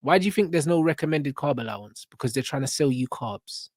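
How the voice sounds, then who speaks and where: A young man ranting in reaction commentary, blunt and full of street slang and swearing. His voice sits a little high. The sound is dry and close. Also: lively intonation, fairly quick, no room sound. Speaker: reaction channel host.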